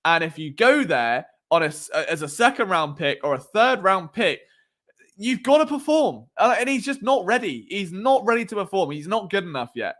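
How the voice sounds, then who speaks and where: A man's voice: sits high, very animated, normal speed, a bit bright. A man in his late twenties, hosting a casual sports live stream from home at night, chatty and jokey, often tripping over names. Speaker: sports podcast host. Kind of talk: casual live stream chat reading comments. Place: home at night, below noisy neighbours.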